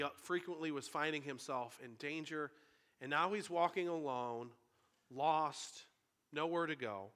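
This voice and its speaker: A man's voice: a little high, sharp tone. A man preaching a sermon, retelling a story in an earnest, conversational way.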